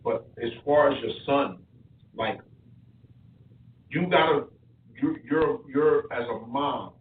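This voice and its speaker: A boxing coach in casual podcast chat, telling stories with repeated words and restarts. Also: male voice, medium pitch, takes it slowly, slight background noise. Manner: repetitive, storytelling with stutters. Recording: distant, echoey, phone-like sound.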